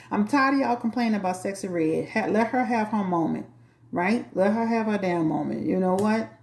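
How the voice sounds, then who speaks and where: A woman's voice: mid-range voice, lively intonation, brisk, darkish tone, reverberant. A woman with a New Orleans accent, a tarot reader hosting her channel, chatting bluntly and sassily to a live chat. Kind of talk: casual talk to a live chat.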